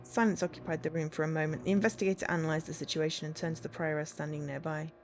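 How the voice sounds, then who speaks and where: A woman's voice: low voice, steady tone, very fast, soft background music. A woman streamer narrating a visual novel in a plain reading voice, with dry asides.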